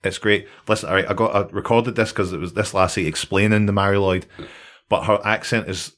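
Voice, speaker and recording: A man's voice: on the low side, fairly even intonation, fairly quick, a bit bright. A Scottish man hosting a podcast, telling a story in a jokey, sweary way and laughing often. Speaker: podcast host. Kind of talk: casual chat, storytelling.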